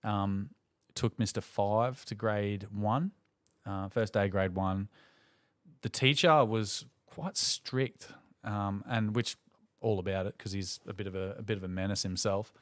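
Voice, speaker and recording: A man's voice: lowish voice, measured pace. An Australian man in his thirties, hosting a casual podcast and telling funny stories, acting out the voices of the people in them. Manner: animated storyteller, acts out voices. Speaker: podcast host. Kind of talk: casual chat.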